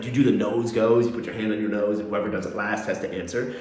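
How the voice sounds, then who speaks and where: A man's voice: fairly low pitch, fast talker. A man hosting a casual motivational talk, telling a story and acting out the quotes in it. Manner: animated storytelling, acts out quotes. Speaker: motivational host. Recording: very echoey room.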